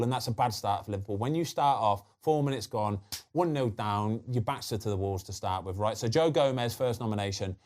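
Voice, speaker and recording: A man with a slight lisp hosting a football podcast, chatting in a lively way full of quick asides. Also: medium pitch. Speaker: podcast host. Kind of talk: casual football chat.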